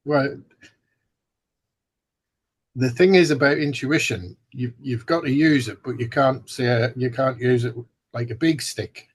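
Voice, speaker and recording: A husky man in relaxed podcast banter. He jokes at his own expense and stumbles through restarts. His pitch sits in an ordinary middle range. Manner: self-deprecating joking, halting restarts. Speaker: podcast co-host. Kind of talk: casual banter.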